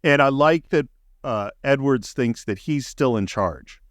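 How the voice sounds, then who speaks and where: A man's voice: medium pitch, lively intonation, unhurried, no echo, studio quality. Enthusiastic man recapping a film. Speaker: podcast co-host. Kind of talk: casual film discussion.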